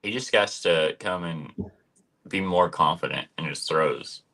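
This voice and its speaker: A man with a very low voice offers short, easygoing comments on a sports podcast. He keeps things relaxed and conversational. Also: measured pace. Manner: brief, laid-back comments. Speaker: podcast co-host. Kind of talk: casual sports podcast chat.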